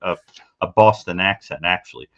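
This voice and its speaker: A man chatting as a guest about his collection of crime memorabilia, talking in an unhurried, rambling, matter-of-fact way. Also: low-pitched, creaky, a bit bright, muffled recording. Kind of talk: casual show-and-tell chat.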